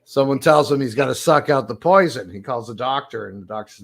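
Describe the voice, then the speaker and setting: A man's voice: mid-range voice, expressive, fast talker, vocal fry, fairly bright tone. A man hosting a loose comedy show, chatting casually and laughing often. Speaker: host.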